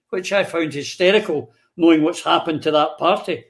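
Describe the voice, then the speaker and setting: A man's voice: on the high side, moderate pace. A man hosting a casual political discussion, chatty and rambling with sardonic asides. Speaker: host.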